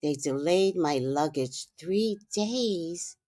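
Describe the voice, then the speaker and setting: A woman hosting a livestream, telling a story in a casual, animated way, with hushed asides and loud, profane outbursts. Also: lowish voice, takes it slowly, dry recording, studio quality. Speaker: livestream host.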